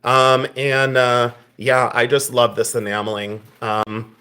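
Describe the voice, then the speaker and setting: A man's voice: mid-range voice, level tone, slow, pushed and bright. A man hosting a live jewelry sale stream, teasing viewers in the chat, laughing often and turning tender when he speaks to a friend.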